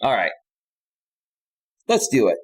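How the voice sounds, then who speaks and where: A man hosting a live stream, laughing a lot as he reads chat and loudly thanks donors. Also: lowish voice, wildly swooping pitch. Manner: slow, drawn-out delivery with loud outbursts.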